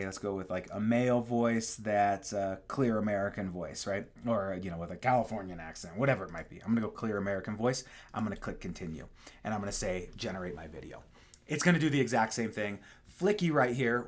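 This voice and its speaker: A young man casually walking through software on screen, dropping frequent fillers and asking "right?" as he goes. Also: fairly low pitch. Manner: relaxed, full of fillers and tag questions. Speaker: software tutorial presenter. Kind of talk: casual screen-share walkthrough.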